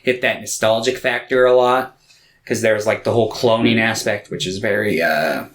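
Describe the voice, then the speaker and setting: A man's voice: fairly low pitch, steady tone, normal speed, fairly bright tone. A man co-hosting a podcast, chatting casually with a laid-back delivery, trailing off into fillers and asides. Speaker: podcast co-host. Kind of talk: casual chat about anime.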